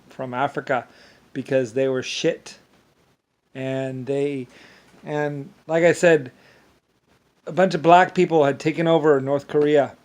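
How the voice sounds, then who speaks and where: A man's voice: mid-range voice, darkish tone. A man in a rambling, angry monologue that keeps repeating itself and often stumbles over restarts. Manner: angry, repetitive ranting with profanity.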